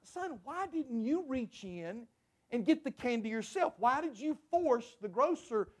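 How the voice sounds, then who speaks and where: A man voicing a mother gently asking her son a question, in a sermon story. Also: very high voice, big pitch swings, measured pace, full character voice. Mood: puzzled.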